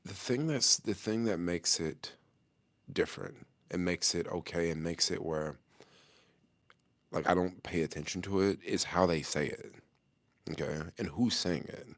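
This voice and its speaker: A middle-aged man with a deep, low voice talks loosely to camera, full of street slang and easy chuckles. He answers a viewer's question in an unhurried, conversational vlog style. The sound is close and dry, with no room around it. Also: no room sound. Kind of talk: casual talk to camera.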